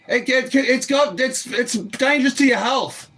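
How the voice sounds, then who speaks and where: An Australian man arguing with police through his door, agitated, swearing and often shouting, recorded on a phone. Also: extremely high pitch, unhurried. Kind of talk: heated argument.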